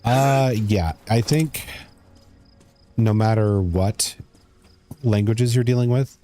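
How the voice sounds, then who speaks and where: A man's voice: fairly low pitch, takes it slowly, dark tone, soft background music. A young man streaming a game, chatting casually, reading chat aloud and muttering as he plays. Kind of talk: casual gameplay commentary.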